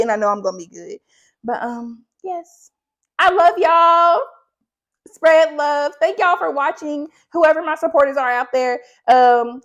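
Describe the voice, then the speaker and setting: A young woman chatting casually in a faith vlog, rambling, saying "like" often and laughing between thoughts. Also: medium pitch. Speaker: faith vlogger.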